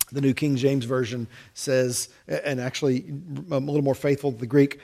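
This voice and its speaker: A man's voice: medium pitch, level tone, moderate pace, few pauses, dark tone. A man, a pastor giving a conversational sermon with wry asides.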